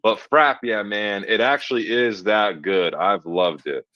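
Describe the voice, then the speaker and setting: Relaxed man, dull dry studio sound. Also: fairly low pitch, measured pace, no echo. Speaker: pastor. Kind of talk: casual chat. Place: small podcast studio.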